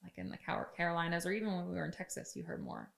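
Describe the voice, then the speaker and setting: A woman's voice: on the low side, wildly swooping pitch, rapid-fire, creaky, fairly bright tone, roomy sound. A woman co-hosting a podcast, chatting playfully and laughing easily. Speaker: podcast co-host. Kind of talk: casual chat.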